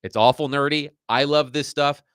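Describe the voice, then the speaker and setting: A man hosting a sports radio show, talking in an animated, nerdy way and digging into numbers. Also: a little high, normal speed, clean tone, dry recording, clean studio sound. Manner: animated, self-described nerd who enjoys digging into numbers.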